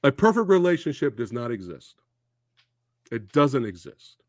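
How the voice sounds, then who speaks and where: A man hosting a casual film discussion podcast, getting emotional and halting, laughing between words. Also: medium pitch, very animated, dry recording, studio quality. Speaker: podcast host.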